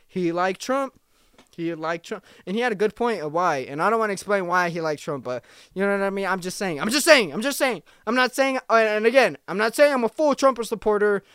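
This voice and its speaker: Young man, twenties, podcast host, slangy, swears a lot, rambling jokes, smooth voice, dry sound. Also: high-pitched, expressive, a little fast, fairly bright tone, no echo. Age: 20s. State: tired from little sleep. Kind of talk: casual podcast monologue.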